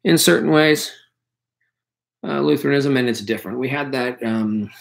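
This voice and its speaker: A man's voice: mid-range voice, moderate pace, gravelly. A male history teacher running a casual review session, talking loosely with many fillers, and losing his voice. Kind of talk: live online review session.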